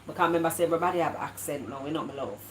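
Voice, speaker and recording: A woman's voice: low voice, very fast, reverberant, a little hiss or hum, low-quality recording. A Jamaican woman from Jamaica chatting casually to her live viewers, slipping into patois and often stumbling over and repeating her words. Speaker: vlogger. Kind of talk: casual live-stream chat.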